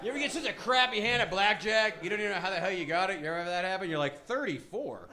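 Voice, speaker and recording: A man doing a rambling, deadpan stand-up comedy set on a club stage. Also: rapid-fire. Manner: deadpan, rambling, lively swings in pitch. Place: comedy club stage with live audience laughter. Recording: live club recording with audible crowd noise.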